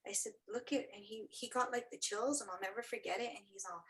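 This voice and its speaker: A woman's voice: mid-range voice, fast, gravelly, hardly any pauses, a bit bright, low-quality recording. A middle-aged woman, an interview guest, telling a personal story with earnest feeling and acting out what others said.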